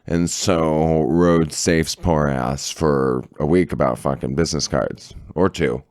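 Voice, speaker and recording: A man's voice: rumbling low, slow pace, a little mellow. A man co-hosting a casual podcast, talking in a boisterous, swaggering way and swearing freely. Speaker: podcast co-host. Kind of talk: casual chat.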